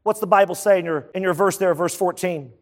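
A man's voice: high-pitched, brisk. A male pastor preaching a sermon to men, emphatic and conversational, asking the congregation questions.

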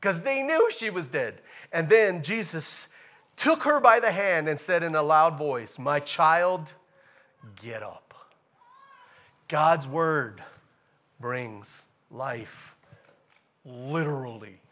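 A pastor preaches a sermon in a casual, animated way, repeating key phrases and rising into loud, emphatic bursts. His voice is a little high, and he speaks at a slow pace.

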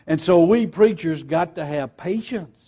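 A man teaching a lesson on preaching, emphatic and earnest, slowing down and dropping quiet on key words. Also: on the high side, slightly rough, dull audio. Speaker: preaching instructor.

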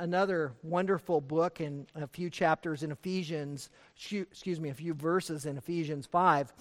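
A man preaching a sermon as pastor, emphatic, moving between soft asides and loud exhortation. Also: sits high, in a large hall.

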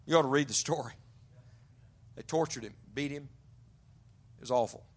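A man preaching a sermon to young adults, telling stories and often dropping to a hushed, low voice for emphasis. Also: moderate pace. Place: large church auditorium.

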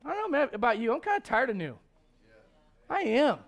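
High-voiced joking preacher. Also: male voice, fairly quick, creaky. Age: middle-aged. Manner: animated, joking, swings from loud to hushed. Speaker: pastor. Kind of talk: sermon. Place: church.

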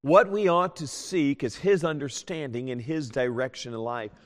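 Earnest preacher in a reverberant hall. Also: male voice, medium pitch. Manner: earnest, pleading, quick swings from loud to hushed. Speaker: pastor. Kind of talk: sermon.

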